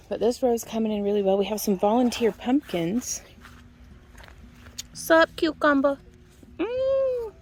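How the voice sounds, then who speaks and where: A chatty woman with a twang gives a casual tour of her backyard garden, her voice sitting at an everyday middle pitch. She talks in a folksy, easygoing way and laughs often. A faint hiss of outdoor noise runs underneath. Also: steady tone, normal speed, mellow. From Missouri. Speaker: homestead vlogger. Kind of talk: casual garden walk-through vlog.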